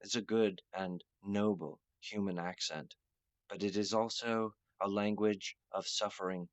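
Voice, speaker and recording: A man talking to his viewers in a rambling monologue, full of fillers and restarts, sometimes slowing into solemn, declaiming phrases. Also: lowish voice, fairly even intonation, no room sound. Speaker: video host. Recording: dull lo-fi dry sound.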